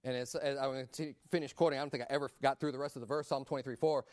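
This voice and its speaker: A man preaching a sermon in a conversational way, rising to loud emphatic peaks. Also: medium pitch, fairly even intonation, very fast, no echo, studio quality.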